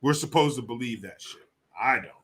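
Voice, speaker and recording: A man's voice: medium pitch, a little fast, a bit bright, husky. A man hosting a live political commentary show, ranting heatedly and swearing freely. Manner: reads viewer comments aloud.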